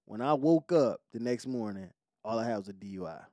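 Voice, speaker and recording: Give me an animated male podcast host telling a raw story, dry and close. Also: on the low side, a little fast, dry recording. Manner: animated, profane storytelling with shifting voices. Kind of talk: casual storytelling chat.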